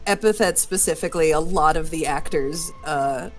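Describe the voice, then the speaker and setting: A woman chatting casually as a guest on a livestream, telling quick anecdotes with light laughter. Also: low voice, soft background music. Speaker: stream guest, cast or crew member. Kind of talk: casual chat on a stream.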